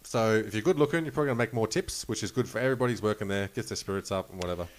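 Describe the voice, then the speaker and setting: A lowish-voiced Australian man rambles through a casino story, swearing freely and circling back to fix his phrasing. His delivery is loose and conversational. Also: rapid-fire. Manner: rambling, profane, restarts phrases often. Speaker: podcast host and storyteller. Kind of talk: casual storytelling chat.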